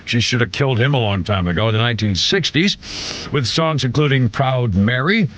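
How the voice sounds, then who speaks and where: A man's voice: medium pitch, lively intonation, fairly quick, fairly bright tone, a little hiss or hum. A man hosting a live radio talk show, rambling and irreverent with blunt asides. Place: radio studio.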